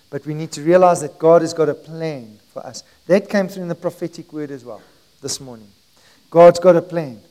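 A man preaching a sermon as pastor, emphatic and rising in volume, slowing on key phrases. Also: on the high side, darkish tone, rough recording.

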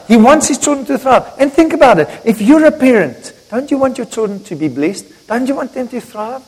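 An older man delivers a sermon in a high, lively voice. He jokes with his congregation and swings between loud emphasis and near-hushed lines. His voice rings with long reverb through the church hall. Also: brisk, hardly any pauses, slightly rough. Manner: emphatic preaching with sudden loud and quiet swings; jokes and talks directly to the congregation. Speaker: pastor.

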